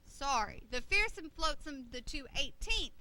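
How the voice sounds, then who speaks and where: A kindly puppet shipmate, voiced by a woman, who patiently explains the lesson to the children. The voice is high and very bright. The delivery is plain and teaching. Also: expressive, unhurried, full character voice. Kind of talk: children's church puppet show.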